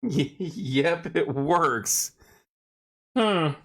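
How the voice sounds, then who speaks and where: A man's voice: a little high, expressive, extremely slow. A tired man hosting a casual late-night livestream, joking around and reading viewer comments aloud. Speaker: livestream host.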